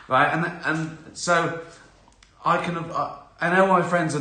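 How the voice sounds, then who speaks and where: A man's voice: fairly high pitch, steady tone, moderate pace, bright, forceful tone, roomy sound. A middle-aged man, chatting casually on a live stream, answering viewer questions, laughing often and acting out little scenes.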